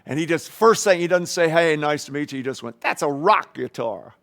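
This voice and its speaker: A man's voice: fairly high pitch, fast, fairly bright tone. A man, a guest guitarist, rambling through anecdotes in a casual interview and acting out voices and guitar sounds.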